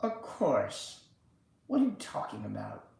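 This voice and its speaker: A man's voice: medium pitch, huge pitch swings, measured pace, vocal fry, a little mellow. A man hosting a casual livestream, rambling and swearing with lots of filler words. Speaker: livestream host. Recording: very echoey room.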